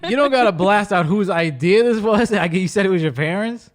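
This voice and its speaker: A man hosts a podcast, chatting casually and joking as he cuts in with questions. His voice sits a little higher than most men's. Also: expressive, brisk. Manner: joking, interjecting. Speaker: podcast host. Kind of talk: casual chat.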